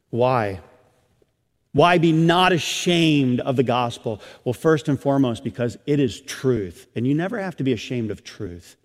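A man's voice: medium pitch, animated, moderate pace. A middle-aged man preaching a sermon as a pastor, rising and swelling with emphasis on key phrases. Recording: hall reverb.

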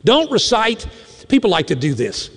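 A man preaching in a high voice that swings widely as he drives his points home. His sermon is animated, with mock-indignant asides to the congregation. The sound carries the long reverb of a large hall. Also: moderate pace. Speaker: pastor.

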